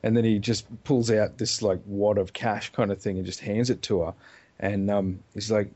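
A man chatting casually as a podcast co-host, an animated storyteller who swears freely. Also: fairly low pitch, moderate pace. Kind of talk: casual chat about a video game. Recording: dull lo-fi recording.

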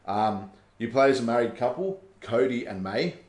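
A man chatting casually as a podcast host, animated and swearing, acting out quotes. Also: medium pitch, normal speed, reverberant. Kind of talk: casual chat.

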